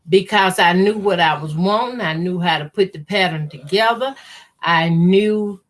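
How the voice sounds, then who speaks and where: A middle-aged woman with a Southern country accent hosts a sewing channel, chatting casually and folksily on a live stream while she sews. She greets viewers by name in a medium-pitched, slightly bright voice.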